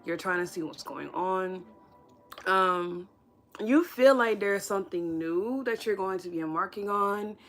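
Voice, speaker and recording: A woman's voice: mid-range voice, unhurried, a bit bright. Chatty woman tarot reader. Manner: chatty and reassuring, with many "right?" tag questions. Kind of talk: casual tarot reading livestream.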